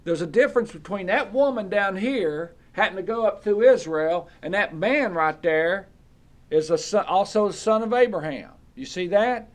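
A man's voice: high-pitched, lively intonation, normal speed. A man preaching a Bible study sermon, reading verses aloud and checking in with his listeners with "okay?".

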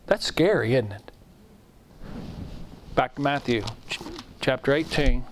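A man's voice: mid-range voice, animated, unhurried, pauses often, slight background noise. A middle-aged man preaching a sermon, earnest and emotional, often repeating himself and reading scripture aloud.

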